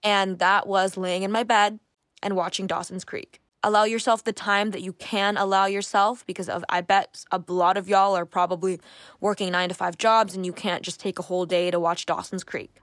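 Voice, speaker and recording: A woman's voice: mid-range voice, little pitch movement, moderate pace, a bit bright, dry recording. Candid young woman podcaster, dry sound. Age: 20s. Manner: candid, reflective, self-talking with restarts. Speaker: podcast host. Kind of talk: casual solo podcast monologue.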